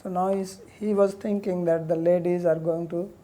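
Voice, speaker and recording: Woman lecturing on old sanskrit texts, deep-ish warm voice, rattles off verses then explains casually. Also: fairly even intonation. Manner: reads Sanskrit passages rapidly, then explains in plain conversational English. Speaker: teacher of scripture.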